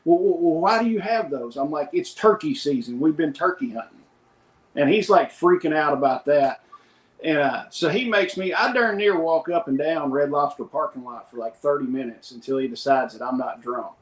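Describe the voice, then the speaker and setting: A middle-aged man with a slightly higher voice tells loose, rambling anecdotes in relaxed podcast chat. He quotes other people without changing his voice. The room around him is echoey. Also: moderate pace. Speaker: podcast co-host. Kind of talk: casual storytelling chat.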